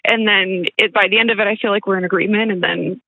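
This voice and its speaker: Brief: woman caller, hesitant, gravelly voice, tinny phone line. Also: mid-range voice, steady tone, quick pace. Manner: hesitant, many fillers and restarts. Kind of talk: phone-in conversation.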